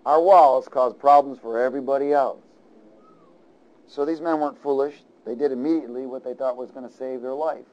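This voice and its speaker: A male pastor preaching a sermon in a lively, conversational way, often asking the audience questions. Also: medium pitch, fairly quick, highs cut off.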